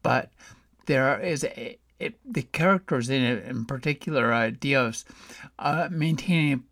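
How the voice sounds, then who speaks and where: A man interviewing an author, speaking in a measured, hesitant way and clearing his throat. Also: mid-range voice, fairly bright tone, no room sound, studio quality. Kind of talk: interview questions and comments.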